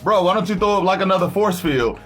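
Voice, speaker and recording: A man puts on an excitable young everyman, pitched high above his own voice, eager and rambling. Light music plays faintly behind. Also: fast talker.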